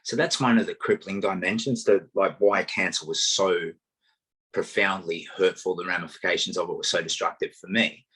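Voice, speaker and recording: An Australian man talking casually as an interview guest, an animated storyteller with self-mocking humour. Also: deep voice, moderate pace, slightly rough, low-quality recording. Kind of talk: casual conversation.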